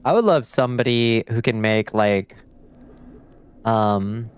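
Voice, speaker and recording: Profane, excitable male game streamer. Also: lowish voice, slow pace, smooth. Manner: profane, excitable, chatty with chat. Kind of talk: casual gaming livestream chat.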